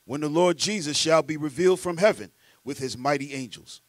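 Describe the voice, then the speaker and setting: A man reading scripture aloud in a steady, formal way, heard from off-mic across the room. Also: a little high, fairly quick, no room sound. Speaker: scripture reader.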